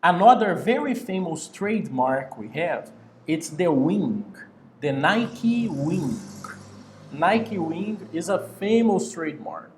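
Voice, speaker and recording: A man with a high, lively voice teaches an English class over a video call. He talks slowly and patiently, repeating each key word. His voice carries a roomy echo.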